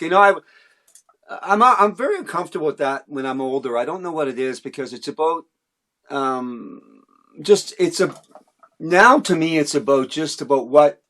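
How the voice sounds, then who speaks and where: Middle-aged musician guy from cape breton, kinda high voice, rambles and restarts a lot. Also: a bit bright. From Cape Breton, Canada. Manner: rambling, self-interrupting storyteller. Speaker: musician guest. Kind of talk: casual interview storytelling.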